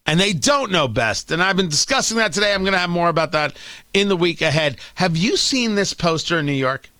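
Male talk host, sarcastic ranter, bright tense tone, dry close sound. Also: high voice, lively intonation, moderate pace, no echo. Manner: sarcastic, ranting, stammers when worked up. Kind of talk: opinion talk show commentary.

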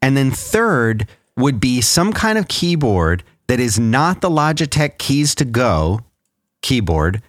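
A man in casual tech chat as a podcast co-host, measured and dry, asking questions. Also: medium pitch, big pitch swings, dry recording.

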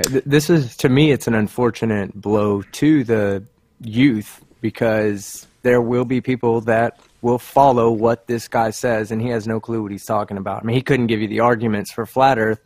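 A man's voice: medium pitch, fairly even intonation, normal speed, a little mellow, no echo. A man on a casual panel chat, earnest and indignant, swearing as he talks.

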